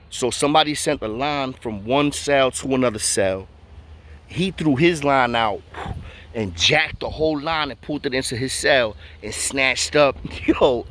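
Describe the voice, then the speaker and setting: A man's voice: mid-range voice, fairly bright tone. A man telling a story in a casual way, full of street slang and acting out the voices of the people in it.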